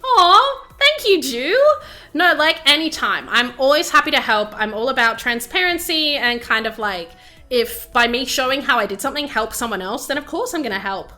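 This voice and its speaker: A bubbly woman streamer with a high, bright voice chats casually to her viewers. She talks freely and fills her sentences with "like", with a little music underneath. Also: lively intonation, brisk. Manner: bubbly, chatty, full of "like" fillers. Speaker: VTuber streamer. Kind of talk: casual livestream chat.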